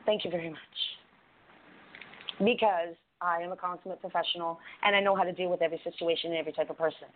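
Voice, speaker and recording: A woman co-hosting a podcast talks in a blunt, profane, rambling manner during casual chat. Her voice is lowish and fairly flat in intonation with a quick pace, heard through tinny phone-line call-in audio.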